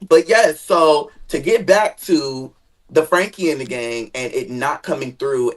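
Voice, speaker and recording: A guest chatting casually about family drama, animated, jumping into high dramatic tones and swearing freely. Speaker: guest sharing family stories. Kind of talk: casual gossip chat.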